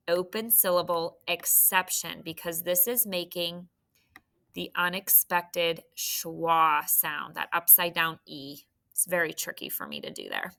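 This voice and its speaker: In a recorded phonics lesson for children, a woman sounds out syllables clearly and encourages her young listeners. Her voice is medium-pitched, pushed and bright.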